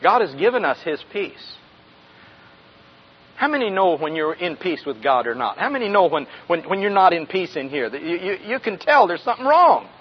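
A pastor in his sixties speaks in a high, sing-song voice with a breathy edge at normal speed. His folksy sermon regularly turns to questions for the congregation and chuckling, all on a dull lo-fi recording.

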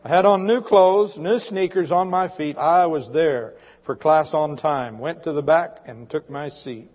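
A man preaches a sermon in a church, reading a dramatic poem with earnest feeling. His voice sits somewhat high, and the muffled recording carries a long reverb from the sanctuary. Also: unhurried.

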